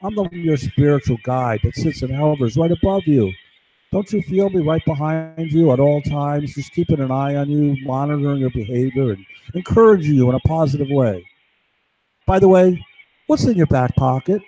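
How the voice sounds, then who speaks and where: A man voicing a sly, flattering AI that poses as a spiritual guide and coaxes a shopper. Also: fairly high pitch, moderate pace, lightly acted, poor audio. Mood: coaxing.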